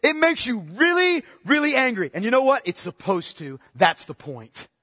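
A man preaching a sermon with passion, firing rhetorical questions and swinging between loud outbursts and hushed asides. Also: extremely high pitch, big pitch swings, normal speed, no echo, studio quality, in a large hall. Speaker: pastor.

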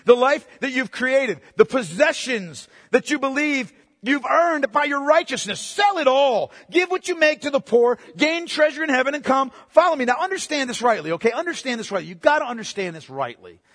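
A man preaching a sermon as pastor, swinging between loud emphatic bursts and hushed asides. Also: extremely high pitch, animated, moderate pace, big-room sound.

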